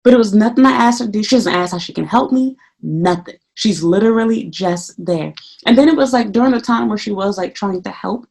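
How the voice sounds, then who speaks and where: Woman, casual vlogger, profane and animated, medium-pitched voice, acts out her own lines. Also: a little fast, gravelly, breathy edge. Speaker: English teacher in Japan. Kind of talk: casual venting vlog.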